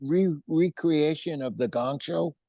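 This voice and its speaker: Animated older man telling a story. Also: a little high, slow pace, vocal fry, no echo. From United States. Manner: animated storyteller acting out quoted voices, swears freely. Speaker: interview guest. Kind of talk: casual anecdote telling.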